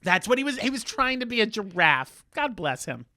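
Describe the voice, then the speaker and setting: A man's voice: high voice, big pitch swings, moderate pace, pushed and bright. A man co-hosting a casual chat podcast, recapping a show in a chatty, playful way. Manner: chatty, recaps plots with playful quoted voices. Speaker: podcast co-host.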